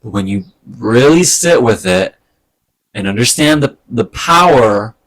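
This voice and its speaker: A man talking in a casual personal vlog, hesitant and rambling, getting emotional with soft laughs. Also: medium pitch, expressive, a little slow. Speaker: vlogger. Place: indoors at home during a move.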